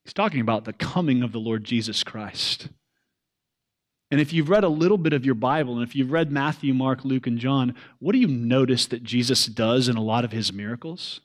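A man preaches a morning sermon in a church, his voice a touch higher than most men's. He speaks earnestly, pushing up to loud emphasis and then sinking to soft, low lines. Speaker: pastor.

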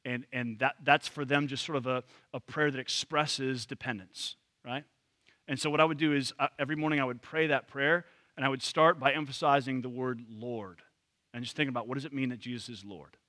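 A man's voice: mid-range voice, steady tone, brisk, sharp tone, no room sound. A man leading a church training session, talking casually with many fillers and restarts. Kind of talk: casual teaching to a group.

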